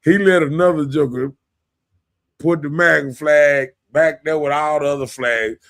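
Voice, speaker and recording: A man, hosting a podcast in casual opinion talk, animated, often asking "you know what I'm saying" and laughing. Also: fairly high pitch, normal speed. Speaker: podcast host.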